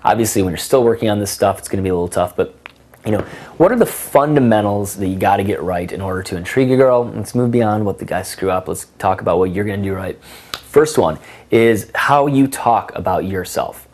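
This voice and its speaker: A young man with a somewhat low voice, giving instruction as a coach. He talks in an emphatic, conversational way and sprinkles in casual fillers. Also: a little fast, darkish tone. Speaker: dating coach. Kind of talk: instructional talk.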